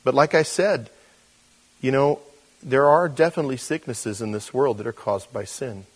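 A man's voice: mid-range voice, moderate pace, breathy edge, poor audio. Man preaching a loose, chatty sermon. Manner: casual, loose, many fillers, acts out quoted voices. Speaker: pastor. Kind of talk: conversational sermon.

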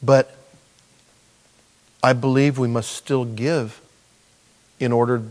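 A man preaching as a pastor, telling personal stories in an animated way. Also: medium pitch, takes it slowly. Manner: animated storyteller. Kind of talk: sermon with personal storytelling.

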